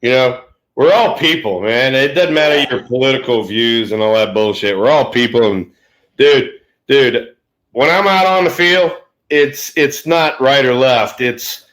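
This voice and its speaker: A man's voice: mid-range voice, fairly bright tone. A man, a former ballplayer co-hosting a casual sports chat and telling laid-back, salty anecdotes. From Louisiana. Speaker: co-host, former baseball player.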